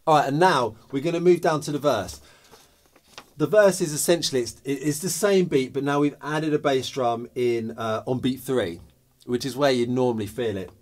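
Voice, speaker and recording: A man's voice: medium pitch, normal speed. Male drum teacher, patient step-by-step explainer who counts beats aloud and beatboxes the grooves. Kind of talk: instructional drum lesson.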